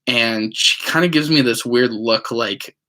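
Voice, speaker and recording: A man's voice: medium pitch, measured pace, sharp tone. A man telling a personal story in casual, rambling talk, full of fillers, now and then acting out what others said. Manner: rambling, many fillers, acts out quotes. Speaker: vlogger.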